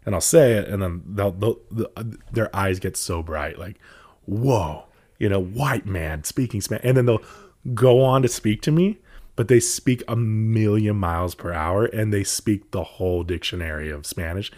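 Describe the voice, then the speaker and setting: Laughing, lively young man chatting. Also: fairly low pitch, normal speed. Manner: laughs often, animated storytelling with loud bursts. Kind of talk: casual chat.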